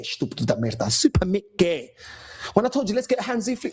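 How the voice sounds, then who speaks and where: Ranting London man, husky voice. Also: high voice, sing-song, brisk, darkish tone, rough recording. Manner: ranting, swearing, mocking other fans in sing-song voices. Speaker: fan channel host. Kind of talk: angry fan rant.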